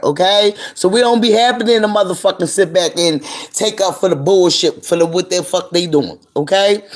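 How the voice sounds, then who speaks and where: Profane ranting woman, heated and repetitive. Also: fairly low pitch. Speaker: commentary vlogger. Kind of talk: casual commentary, reading tweets aloud.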